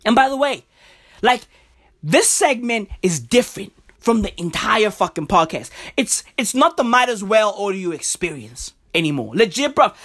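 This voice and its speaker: A woman's voice: a little high, fairly bright tone. A woman hosting a podcast, ranting about football in a profane, stammering, overexcited way. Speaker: podcast host. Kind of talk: casual football rant.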